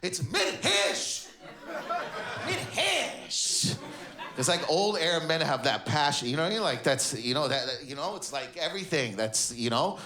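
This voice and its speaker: A man from Canada doing stand-up comedy in a clothing store, animated and laughing through his lines. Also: fairly high pitch, a little fast, hardly any pauses, crowd noise. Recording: echoey store with background noise.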